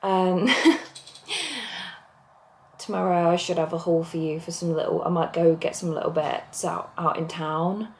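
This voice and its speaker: Young woman, out of breath, candid rambling vlog, lowish voice, echoey room with faint hiss. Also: flat delivery, unhurried, long pauses. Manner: candid, rambling, self-interrupting. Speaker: vlogger. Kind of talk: casual confessional vlog. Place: home, seated on a squeaky chair. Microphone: camera mic.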